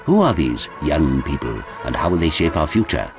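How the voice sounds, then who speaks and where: A man's voice: very deep voice, very animated, moderate pace, soft background music. A man voicing a solemn old-style documentary narrator with a grave, announcer-like delivery.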